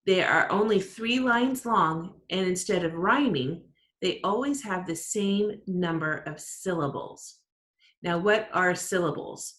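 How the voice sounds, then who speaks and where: A woman's voice: mid-range voice, a bit bright. Upbeat teacher woman in a roomy space. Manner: upbeat, encouraging, explains slowly. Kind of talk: online class lesson. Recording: roomy echo.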